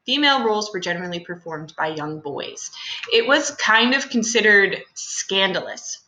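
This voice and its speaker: A woman's voice: mid-range voice, expressive, normal speed, sharp tone, roomy sound, a little hiss or hum, low-quality recording. A young adult woman teacher talking through a class lesson in a chatty, casual way with many fillers and asides.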